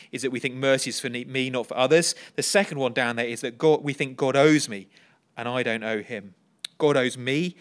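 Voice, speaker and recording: A male preacher delivers a sermon in a conversational, explaining manner, often turning questions to his listeners. His voice sits fairly high for a man. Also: fairly bright tone.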